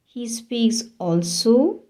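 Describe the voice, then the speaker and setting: A woman's voice: on the high side, animated, extremely slow, a little mellow. A woman teaching a French lesson online, patiently repeating answers and putting questions to her class.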